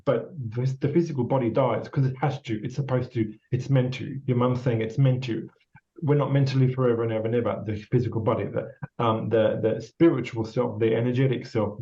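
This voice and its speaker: A man's voice: mid-range voice, fairly even intonation, brisk, vocal fry, dark tone. An Australian man, a psychic medium, giving a casual, rambling and encouraging reading full of repetitions and fillers. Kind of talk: casual spirit reading with a guest. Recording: slightly dull lo-fi sound.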